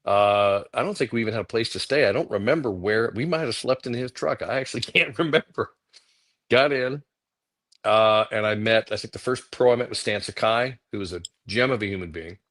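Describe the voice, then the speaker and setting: A man's voice: medium pitch, fairly quick. A middle-aged man, a guest comic artist, telling casual stories on a livecast and acting out quoted voices. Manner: animated anecdotes, acting out quotes.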